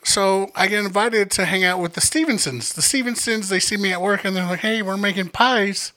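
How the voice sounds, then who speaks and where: A man's voice: sits high, fairly quick, pushed and bright, rough recording. A man co-hosting a casual chat, telling profane, laid-back stories and laughing along.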